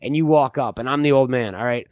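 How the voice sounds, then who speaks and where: A man hosting a radio comedy bit, crude and joking, talking fast with restarts. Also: mid-range voice, no room sound, dull audio. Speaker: radio host. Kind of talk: improv comedy chat.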